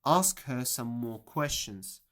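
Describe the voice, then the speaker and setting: A reader voicing a fussy white rabbit acting as court herald, reciting in a slow, sing-song way. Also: medium pitch, lively intonation. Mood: announcing. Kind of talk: storybook audiobook reading.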